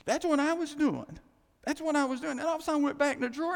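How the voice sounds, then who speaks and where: A man preaching a sermon as pastor, animated, repeating his phrases and acting out quoted thoughts. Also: very high-pitched, fast talker, creaky. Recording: long hall reverb.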